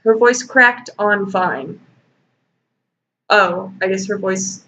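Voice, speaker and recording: This host speaks slowly in a mid-range voice that sounds pushed and bright while she reads and mocks fanfiction sarcastically. She swears and laughs often, recorded at home in dull lo-fi with faint noise.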